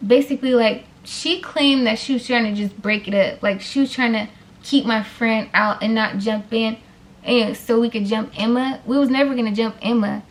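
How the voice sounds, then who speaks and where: A young woman casually telling a story on her vlog, animated and blunt with plenty of swearing. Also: on the high side. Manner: animated, blunt, heavy profanity.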